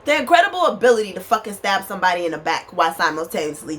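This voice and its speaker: A woman's voice: fairly low pitch, fast, slight background noise. A woman, ranting angrily and profanely to her viewers from a small bedroom. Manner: angry, profane, emphatic, addresses viewers as y'all. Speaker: vlogger. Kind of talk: impassioned rant to camera. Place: small bedroom with a fan running.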